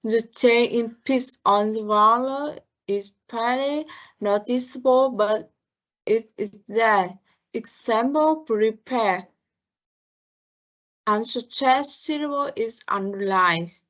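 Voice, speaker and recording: A woman with a slightly high voice reads a class presentation on syllable stress. Her delivery is slow and measured. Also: fairly bright tone, rough recording. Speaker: student presenter.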